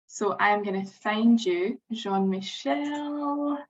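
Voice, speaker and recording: A woman's voice: mid-range voice, fairly even intonation, measured pace, a bit bright, distant mic, muffled recording. A woman hosting an online event over a video call, upbeat and encouraging. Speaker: event host.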